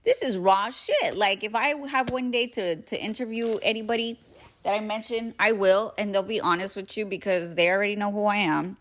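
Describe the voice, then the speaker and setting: A woman's voice: mid-range voice, steady tone, brisk, a bit bright. A woman hosting a solo podcast, talking candidly and emphatically, with frequent fillers and some swearing, a bit congested. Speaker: podcast host. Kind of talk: casual solo podcast monologue.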